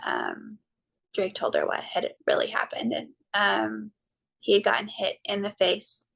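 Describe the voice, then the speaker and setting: A woman in her thirties or forties, a podcast guest and mother, telling a personal story in a halting way with frequent ums and restarts. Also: mid-range voice, vocal fry, a bit bright. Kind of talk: personal story told in an interview.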